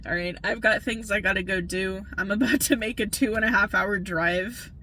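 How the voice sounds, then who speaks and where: With a bright, forceful voice of medium pitch, this woman speaks at a moderate pace and fairly even intonation over slight background noise. Acting as a reader, she gives an impassioned, urgent spiritual pep talk, tired after an all-night shift, repeating "okay?" and cursing to drive points home.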